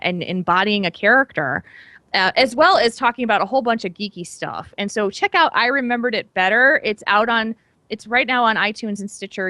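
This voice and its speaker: A woman's voice: mid-range voice, a bit bright, dry recording. A woman co-hosting a podcast in casual chat, talking with gushing enthusiasm. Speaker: podcast co-host.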